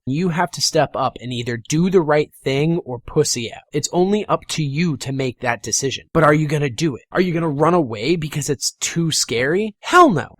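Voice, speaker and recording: A man's voice: on the high side, a bit bright, no echo. Fired-up young man, dry close sound. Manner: fired-up, blunt, swears freely. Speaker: gaming motivation vlogger. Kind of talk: casual motivational monologue.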